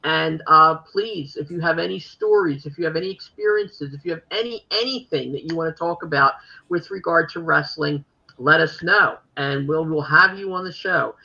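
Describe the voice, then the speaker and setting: Gravelly bright-voiced woman hosting. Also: low voice, moderate pace, highs cut off. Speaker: talk show host. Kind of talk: casual chat.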